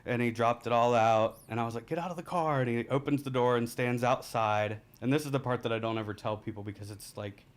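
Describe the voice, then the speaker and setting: A man, a podcast guest telling a rambling, candid story and laughing through the dark parts. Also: medium pitch, little pitch movement, fairly quick, few pauses, clean tone. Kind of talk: casual storytelling.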